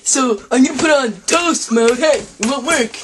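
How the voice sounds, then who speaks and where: A woman hosting a spoof cooking show with a goofy, deadpan manner and sudden loud outbursts. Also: high-pitched, normal speed. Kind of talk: deadpan comic cooking demonstration. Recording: noisy home video recording.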